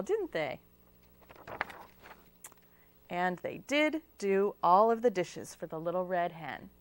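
A woman reading picture books aloud to children at a library storytime, sing-song and asking them questions. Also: on the high side. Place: public library. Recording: local cable TV taping.

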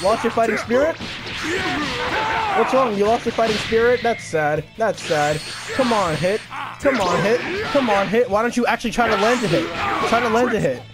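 A man's voice: high voice, moderate pace. A young man giving live gameplay commentary, cockily trash-talking and taunting his opponent. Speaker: gaming channel host. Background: game music.

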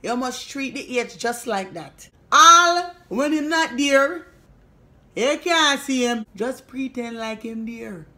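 A woman's voice: fairly high pitch, unhurried, hardly any pauses, fairly bright tone. A woman playing a brash, sassy woman with a Jamaican accent who gives a bossy, emphatic mock lesson in a comedy sketch. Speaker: mock language teacher.

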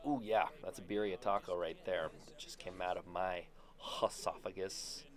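Excitable jokey man commenting gameplay. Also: low-pitched, normal speed. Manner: excitable, jokey trash talk. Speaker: gaming YouTuber.

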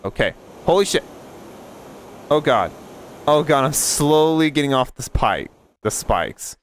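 A man commentating a gameplay video, panicking and swearing, his voice jumping into high squeals. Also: sing-song, measured pace, slight background noise. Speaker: gaming video creator. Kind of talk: let's play commentary.

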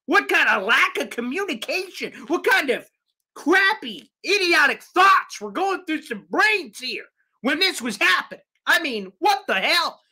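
A man hosting a live sports fan show, ranting with exasperation, swinging between loud outbursts and low mutters. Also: very animated, normal speed. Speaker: sports podcast host.

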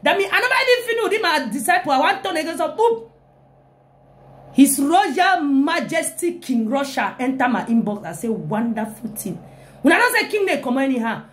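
A young woman, hyping her comic live video in an animated way with frequent exclamations. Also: high voice, a little fast. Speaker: live-stream comedian.

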